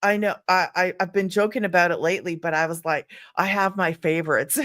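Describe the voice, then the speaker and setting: A woman's voice: on the low side, brisk. Chatty older woman hosting a livestream. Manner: chatty and excitable, greets viewers by name, laughs often. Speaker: livestream host selling online business programs. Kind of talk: casual livestream chat with viewers.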